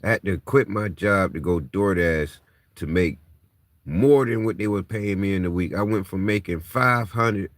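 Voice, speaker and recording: A man in his thirties vlogs to the camera, his low voice moving at a normal pace, captured in studio quality with no echo. He's venting raw frustration and distress, worn down emotionally and close to tears, swearing as he goes.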